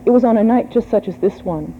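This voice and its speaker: A woman's voice: medium pitch, fast talker, mellow. A woman giving a theatrical, breathless reading of a gothic horror story. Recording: tinny phone-like sound with faint hum.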